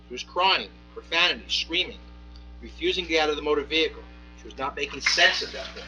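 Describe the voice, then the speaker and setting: A man, a municipal judge, speaking from the bench in a courtroom, giving a measured ruling with frequent pauses, fillers and restarts. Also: fairly high pitch, pushed and bright, soft background music, rough recording.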